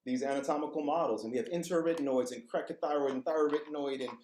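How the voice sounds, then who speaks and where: A man's voice: on the high side, very fast, darkish tone, roomy sound, low-quality recording. A man, a vocal coach, telling candid personal stories as a podcast guest, laughing and swearing freely. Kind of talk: casual storytelling interview.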